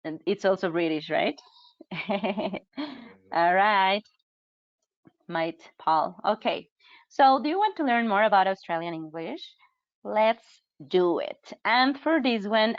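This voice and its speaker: A woman's voice: medium pitch, dry recording. Upbeat woman teacher. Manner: upbeat, chatty, reacts to chat comments. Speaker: English teacher trainer. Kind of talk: online webinar teaching. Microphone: computer mic on a video call. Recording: dull, dry webinar audio.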